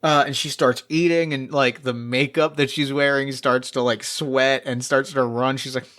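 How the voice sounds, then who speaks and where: A man's voice: mid-range voice, steady tone, moderate pace, a bit bright. A man narrating as game master in a tabletop game, rambling with many fillers and restarts. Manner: rambling, filler-heavy, laughs often.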